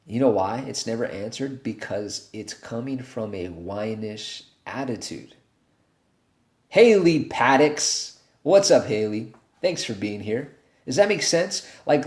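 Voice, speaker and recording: A man in his thirties giving a motivational talk on a livestream, telling a story in a casual, animated way. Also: medium pitch, takes it slowly, reverberant. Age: 30s. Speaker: motivational speaker.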